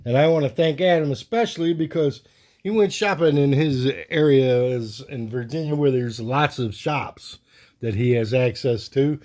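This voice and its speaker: Mellow-voiced man chatting casually about comics. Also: medium pitch, normal speed. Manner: rambling, chuckling, reads cartoon captions in silly voices. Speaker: comic collector vlogger. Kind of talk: casual chat showing artwork and comics.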